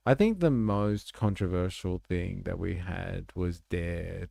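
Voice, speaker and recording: Low gravelly guy on a live stream, laid-back, jokey, swears a lot, dry close mic. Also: expressive, unhurried, hardly any pauses, no room sound. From Australia. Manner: laid-back, joking, swears freely, laughs loudly. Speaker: live stream host reacting to videos. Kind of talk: casual live reaction chat.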